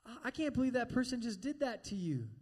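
A man's voice: very high voice, sing-song, quick pace, darkish tone, slightly rough, voice pushed up, full character voice. A man voicing a sly male devil who coaxes and then sneers with scorn, acted out in the middle of a sermon. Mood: mocking.

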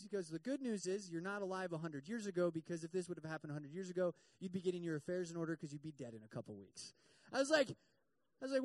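High-voiced, animated man preaching. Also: a little fast, dry recording. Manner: animated, self-mocking, acts out quotes. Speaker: campus ministry pastor. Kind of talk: storytelling sermon.

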